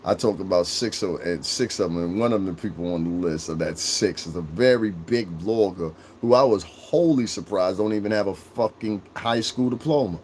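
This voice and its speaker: A man's voice: low voice, moderate pace, hardly any pauses, a little mellow, slight background noise. Profane Connecticut man rambling on a livestream. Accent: Connecticut shoreline, New England and New York mix. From Connecticut, USA. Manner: rambling, profane, laughs often, reads and answers chat. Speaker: livestream host. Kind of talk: casual livestream chat.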